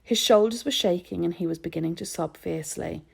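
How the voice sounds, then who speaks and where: Gravelly woman reading a children's book. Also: lowish voice, a little fast. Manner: clear, expressive storytelling. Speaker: narrator. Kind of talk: reading a children's novel aloud.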